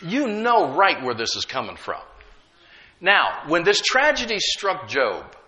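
A male pastor delivering a sermon in a bright, ringing, slightly high voice. He shifts from soft, conversational storytelling to loud, emphatic preaching and keeps checking in with the congregation. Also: huge pitch swings, a little slow, muffled recording. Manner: talks directly to the congregation with call-and-response checks.

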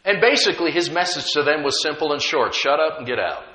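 A man preaching a sermon, emphatic and humorous, slowing down to stress key words. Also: on the high side, expressive, sharp tone, roomy sound, rough recording. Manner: emphatic, slows down to stress key words, chuckles at own jokes.

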